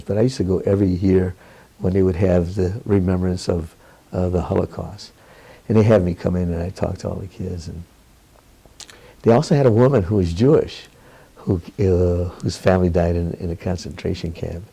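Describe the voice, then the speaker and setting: An older man with a low, gravelly and slightly husky voice, speaking candidly in an interview. He tells his stories with animation, often breaking into laughter and acting out what others said. His tone is dark and mellow. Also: rough recording.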